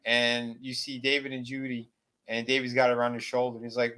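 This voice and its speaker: A man chats through a horror film's plot with a co-host in a relaxed, rambling way. He slips into the characters' dialogue, his voice rising for the quoted lines, and he fills gaps with ums and you-knows. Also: mid-range voice, fairly quick. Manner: animated retelling, acts out character lines. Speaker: podcast co-host. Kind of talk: casual movie recap chat.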